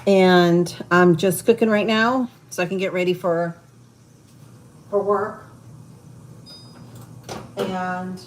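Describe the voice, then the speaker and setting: Slow and steady in tone, her lowish voice pauses often as she chats with viewers during a casual cooking livestream from her home kitchen. Food fries and sizzles in the background.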